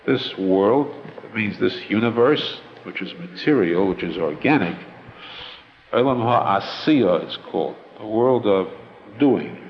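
A man giving a Torah lecture as a rabbi, explaining slowly with many pauses and restatements. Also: on the low side, expressive, big-room sound, highs cut off, slight background noise.

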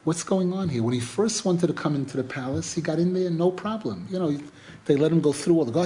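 Speaking in a slightly high, brisk and husky voice, a middle-aged man teaches Torah through a retold folk tale. He's animated and repetitive, restarting phrases frequently as he goes.

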